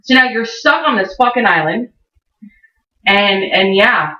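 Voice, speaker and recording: Woman podcast co-host, bright, swearing rambler, heard from a distance off the mic. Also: mid-range voice, expressive, measured pace. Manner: rambling, profane storytelling. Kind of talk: casual chat. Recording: roomy, distant, dull lo-fi sound.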